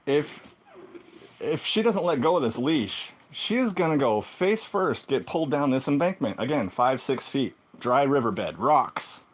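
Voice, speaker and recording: Animated man telling a story. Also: measured pace. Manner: animated, swings between loud exclaims and low muttered asides. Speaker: vlogger. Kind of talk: casual storytelling monologue.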